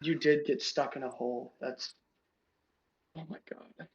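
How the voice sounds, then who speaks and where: A man narrating a tabletop game as game master in an animated way. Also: mid-range voice, unhurried, dull audio, a crowd in the background. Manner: animated, lots of voices and asides.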